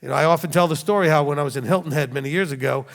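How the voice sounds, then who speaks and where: A man's voice: on the high side, rapid-fire, creaky. Man, middle-aged, rabbi teaching, storytelling, rhetorical questions, echo of a big hall. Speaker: rabbi teaching a Bible study. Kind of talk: animated sermon teaching. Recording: long hall reverb.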